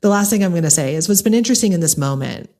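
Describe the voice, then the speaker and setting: A woman with a low, deep speaking voice and an American accent, hosting her own podcast. She talks candidly and earnestly to her listeners, with direct, lively emphasis. She sounds middle-aged. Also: very fast. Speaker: podcast host. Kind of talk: personal monologue to listeners.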